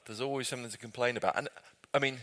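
This British man has a mid-range voice, fairly even in intonation, and he talks very fast. Teaching a group Bible study, he comes across as chatty and easygoing, gently funny, and prone to restarting sentences mid-thought.

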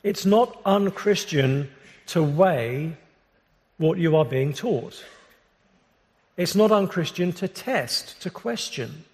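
British pastor guy preaching, higher voice, restarts a lot, echoey church hall. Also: animated. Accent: British English. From Britain. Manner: earnest, measured preaching with frequent restarts. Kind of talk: sermon. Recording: long reverb of a large hall.

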